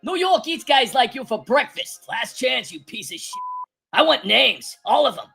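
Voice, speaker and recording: A woman voicing loud, theatrical politicians and agents in a comedy parody sketch. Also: sits high, big pitch swings, moderate pace, gravelly, soft background music, heavily acted. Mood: taunting.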